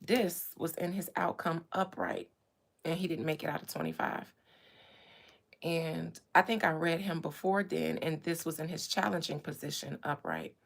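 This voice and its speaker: A woman giving a casual live-stream tarot reading, chatty and quick to turn aside to her viewers. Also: sits low, lively intonation, creaky. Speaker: tarot reader.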